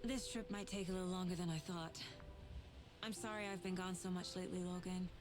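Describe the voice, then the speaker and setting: An actress playing a composed female detective and mother who speaks in a calm, measured way. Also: lowish voice, close to an everyday voice. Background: game music.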